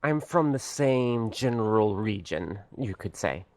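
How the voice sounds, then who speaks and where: Man voicing a reserved elf mage lady, formal, hesitant, low slow voice, dry close mic. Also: lively intonation, dry recording. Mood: guarded. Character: tall female elf scholar of magic, reserved.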